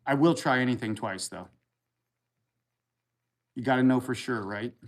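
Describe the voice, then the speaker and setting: A man with a mid-pitched voice hosts a live stream at a measured pace, bantering loosely with his viewers. Reading comments as they pop up, he jumps from one crude joke to another and answers like he's hanging out with friends.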